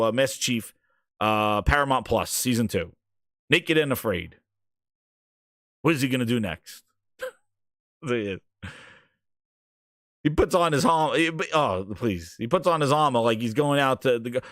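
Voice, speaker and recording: A man hosting a casual livestream, ranting about games in a profane, excitable way with frequent laughter. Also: medium pitch, no echo, studio quality. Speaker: gaming news streamer.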